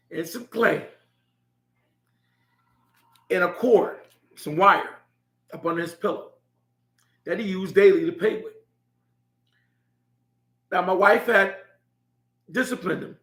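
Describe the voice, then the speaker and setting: A man's voice: sits high, pushed and bright. A middle-aged man telling a heartfelt story about his son, laughing now and then as he speaks. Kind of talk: personal storytelling. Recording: echoey room.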